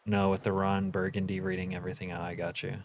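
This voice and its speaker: A man's voice: sits low, monotone, quick pace. A man casually commentating his own game stream, joking and reading chat comments aloud.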